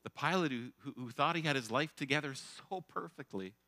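A male pastor preaching a sermon, expressive and emphatic, often posing rhetorical questions. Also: mid-range voice, brisk, dry recording. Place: church.

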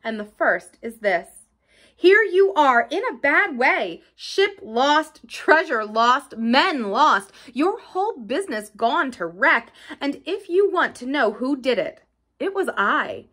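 A woman's voice: on the high side, sing-song, normal speed, pushed and bright, full character voice. A woman reading the lines of a brave teenage boy, speaking out with impassioned defiance. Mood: defiant. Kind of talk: audiobook character reading.

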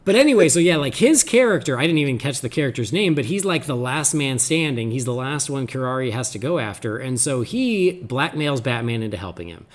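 A man co-hosting a podcast, talking in a loose, rambling way as he retells an episode's plot. His voice sits in a middle register, and his delivery is relaxed chat rather than scripted narration. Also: mid-range voice, a little fast, hardly any pauses. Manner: rambling, animated plot recap. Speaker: podcast co-host. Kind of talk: casual chat.

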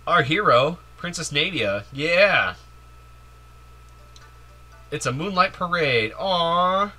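Man, let's player, playful jokey commentary, very bright tone, lively swooping pitch, faint game music behind. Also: slow. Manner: playful, giddy, jokey, lots of "like" and "yay". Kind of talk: casual gameplay commentary.

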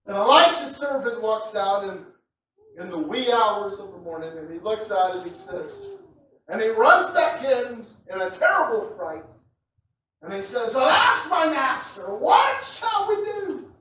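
A man preaching a sermon who repeats himself and builds up to loud, shouted passages. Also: high voice, sing-song, a little slow. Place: church. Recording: echoey church hall from a distant mic with faint noise.

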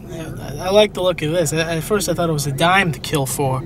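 A young man co-hosting a casual comedic chat, goofy and loud, breaking into big excited yelps. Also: a little high, a little fast, few pauses, background noise. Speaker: co-host.

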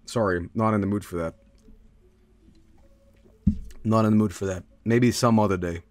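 A man streaming a game casually, rattling off game blurbs quickly and breaking into goofy high squeals. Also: fairly even intonation, darkish tone. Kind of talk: casual live-stream commentary.

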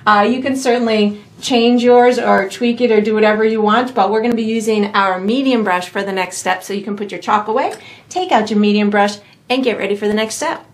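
A woman's voice: medium pitch, brisk. A woman teaching a step-by-step painting tutorial in an easygoing, chatty way, with light laughs and fillers. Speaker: painting instructor.

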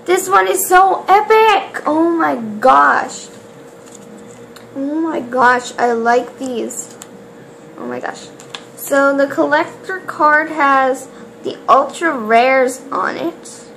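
A woman opening toy blind bags on camera in casual chat, excitable and gasping, who rambles with trailing restarts. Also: high voice, takes it slowly, vocal fry, slight background noise. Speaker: toy unboxing vlogger.

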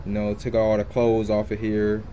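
A young man giving casual, animated let's-play commentary, joking and trash-talking the game's characters. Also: fairly low pitch, moderate pace, a little hiss or hum. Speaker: gaming YouTuber. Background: video game music.

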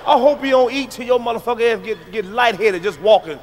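A middle-aged man from the United States doing a loud, profane stand-up comedy routine on stage, telling punchy stories. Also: very high-pitched, expressive, brisk, a little hiss or hum. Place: stage before a live audience.

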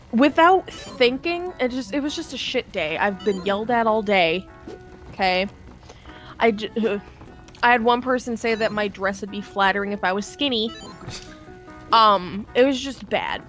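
A woman's voice: a little high, measured pace, pauses often, a bit bright, faint music behind. A young woman casually telling a long work story, acting out customers' lines and laughing often.

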